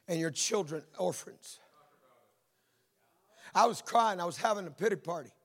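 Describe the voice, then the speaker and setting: Male preacher, husky and gravelly, rising into shouted sing-song calls. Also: high-pitched, in a large hall. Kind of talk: sermon.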